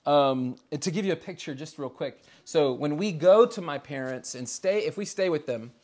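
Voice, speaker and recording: A pastor in his thirties preaches a sermon the way he would chat with friends, in a voice a little higher than most men's. He tells stories easily and slips small chuckles in between his phrases. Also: lively intonation, normal speed, a little mellow. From United States. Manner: chatty, storytelling, chuckles often between phrases. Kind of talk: casual conversational sermon.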